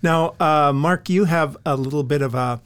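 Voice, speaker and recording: A man's voice: a little high, normal speed, fairly bright tone, clear, resonant tone, no echo. A man hosting a church podcast, introducing the episode and interviewing a guest in an earnest manner with many uhs. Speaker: podcast host and church ministry director.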